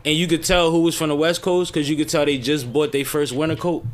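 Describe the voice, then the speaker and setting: A man hosting a casual podcast chat in a relaxed, crude, joking way. His voice sits a little high, and faint noise runs behind him. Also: quick pace. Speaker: podcast host.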